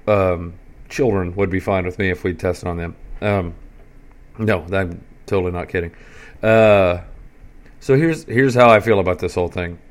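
Rambling, sarcastic podcast host man. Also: on the low side. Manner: rambling, sarcastic, crude humor with many fillers. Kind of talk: casual profane monologue.

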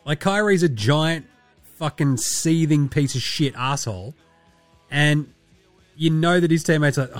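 An Australian man hosts his own podcast in a loose, profane, rambling way, laughing as he goes. His voice sits a little high and sounds close and dry, with faint music underneath. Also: unhurried, dry recording. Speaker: podcast host. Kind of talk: casual sweary podcast chat.

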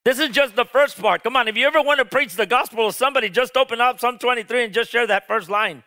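A man's voice: very high-pitched, fast talker, bright, forceful tone. A man preaching a sermon as pastor, leading the congregation in call-and-response with passionate, emphatic peaks.

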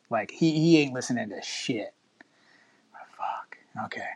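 A Texan man in his thirties tells a long road-trip story in casual chat full of profanity. His delivery is loose, rambling, animated, and a little slow, with sudden jumps into quoted voices. His middle-range pitch sounds creaky and darkish.

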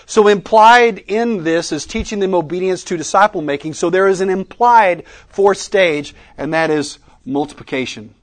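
A man teaching a conference workshop, asking the audience questions and pausing for their answers. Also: sits high. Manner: interactive, quizzing the audience with questions; Southern "y'all" in speech. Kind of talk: teaching session. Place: conference room with a live audience.

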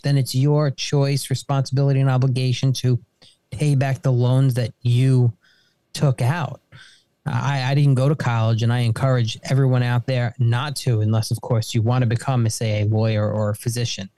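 A middle-aged man and small business owner talking casually on a podcast, halting and repeating himself as he talks. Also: mid-range voice, warm tone, no room sound. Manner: halting, repeats words and restarts. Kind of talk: casual political chat.

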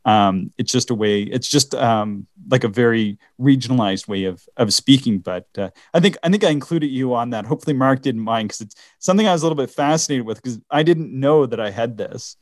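A man's voice: medium pitch, brisk, few pauses, no echo, clean studio sound. A man from the Canadian Maritimes co-hosting a podcast in casual chat, often stopping and restarting his sentences. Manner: hesitant, many restarts and laughs. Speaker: podcast co-host.

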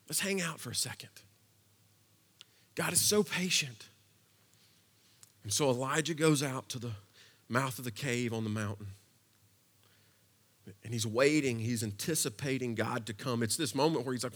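A man preaching a sermon in a conversational way, dropping to a hush and then building to impassioned passages. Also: mid-range voice, normal speed, pauses often, husky. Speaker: pastor.

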